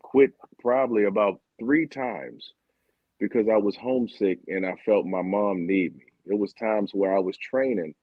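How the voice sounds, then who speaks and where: A man from Baltimore telling his story as a guest, animated and sometimes acting out what others said. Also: lowish voice, normal speed, dry recording. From Baltimore, Maryland, USA. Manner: animated, acts out quotes of teammates. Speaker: guest, former Olympic sprinter. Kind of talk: candid conversational storytelling. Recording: dull lo-fi sound.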